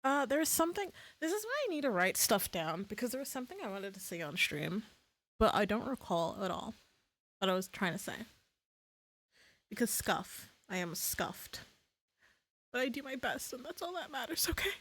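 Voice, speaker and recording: A woman's voice: on the high side, very animated, normal speed, a bit bright. A woman streamer chatting casually on a live stream, swearing freely and laughing at her own slips.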